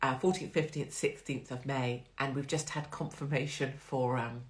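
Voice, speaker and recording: A woman's voice: very deep voice, steady tone, moderate pace. A woman hosting a live stream in a blunt, profane, chatty and rambling way. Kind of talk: casual live-stream chat.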